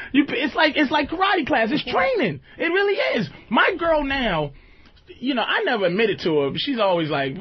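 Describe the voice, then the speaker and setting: A man's voice: sits high, breathy edge. A man hosting a radio show, talking loosely and at length about dating with frequent asides. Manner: loose, rambling, conversational. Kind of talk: comedic relationship talk on radio. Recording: dull lo-fi radio broadcast.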